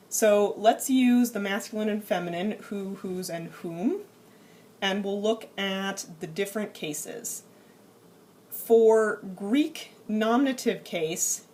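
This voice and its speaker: A woman teaching Greek grammar in a recorded lecture over slides, explaining patiently and slowing down to spell out each form. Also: mid-range voice, a little mellow, slight background noise. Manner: clear, patient explaining, slows to spell out forms.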